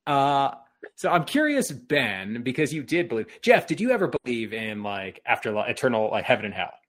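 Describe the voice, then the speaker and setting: Male podcast co-host, playful interviewer, animated intonation. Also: mid-range voice, moderate pace. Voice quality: teasing, wry, laughs often. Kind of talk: casual chat, interviewing.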